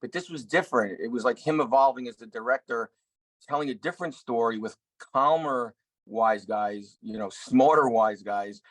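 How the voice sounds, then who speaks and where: A middle-aged actor and director telling a story in an interview, earnest, with many restarts. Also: male voice, mid-range voice, normal speed, no room sound, poor audio. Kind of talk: anecdotal interview talk.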